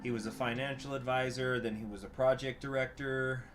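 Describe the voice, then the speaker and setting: A man's voice: medium pitch, fairly even intonation, fairly quick. Chatty man streaming a game over guitar. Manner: chatty, self-deprecating, reads text aloud. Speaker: streamer playing a political game. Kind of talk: casual gameplay commentary, reading aloud. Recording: guitar music playing behind.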